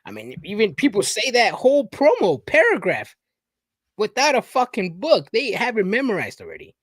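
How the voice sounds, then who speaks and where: High-pitched male co-host, eager swearing chatter, dry mic. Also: wildly swooping pitch, moderate pace, fairly bright tone, no echo. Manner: eager, swearing, backs up his friend. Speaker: podcast co-host. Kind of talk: casual chat.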